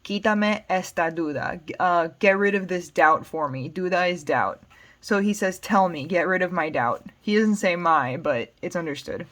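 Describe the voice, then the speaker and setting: A woman's voice: lowish voice, normal speed, fairly bright tone. A woman with an American accent teaching Spanish, patiently explaining song lyrics word by word. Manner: patient, plain explanations with fillers.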